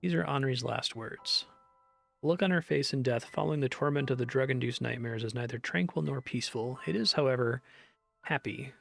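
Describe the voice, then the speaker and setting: Man, streamer, reading game text aloud, measured, gravelly voice, faint music behind. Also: mid-range voice.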